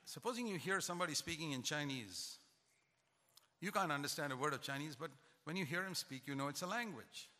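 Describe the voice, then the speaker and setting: An older man preaching a sermon, emphatic and rising in pitch to stress his points. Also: lively intonation, a little fast, bright, forceful tone. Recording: long hall reverb.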